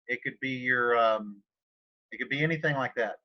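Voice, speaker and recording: A man teaching a Spanish class online, talking informally and often clearing his throat. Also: mid-range voice, moderate pace, dull audio.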